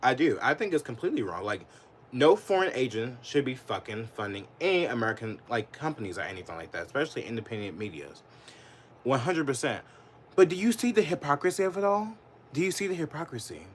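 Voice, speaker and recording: Brief: indignant male streamer ranting live, profane and rambling, mid-pitched with a lively, swinging delivery. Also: fairly quick, husky. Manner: profane, rambling, heavy use of "like"; gets heated and indignant. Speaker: political livestreamer. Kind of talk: live political commentary.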